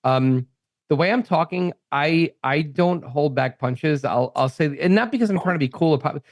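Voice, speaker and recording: A man in his thirties talks as a podcast guest in a blunt, rambling way, with swearing and frequent restarts. His voice sits a little high for a man, and the recording is dry and close. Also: moderate pace, no room sound. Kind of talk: casual chat.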